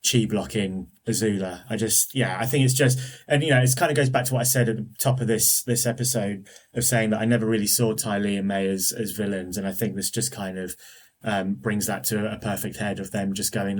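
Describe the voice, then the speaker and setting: A man's voice: lowish voice, steady tone, fairly quick. A man talking as a guest on a podcast, enthusiastic and often restarting his sentences. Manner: enthusiastic, many restarts and fillers. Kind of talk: casual podcast discussion.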